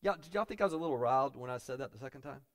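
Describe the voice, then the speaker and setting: A man preaching a sermon as pastor, dropping to quiet asides and building to loud, emphatic peaks. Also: mid-range voice, lively intonation, very fast.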